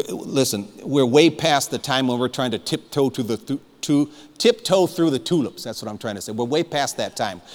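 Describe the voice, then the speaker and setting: A man's voice: mid-range voice, long reverb tail. A man preaching a sermon as pastor, fervent and emphatic, urging his listeners to listen.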